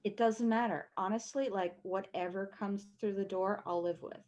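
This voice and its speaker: A woman's voice: mid-range voice, fairly even intonation, moderate pace, darkish tone, muffled recording. A woman playing an indifferent friend in a comedy sketch, shrugging things off.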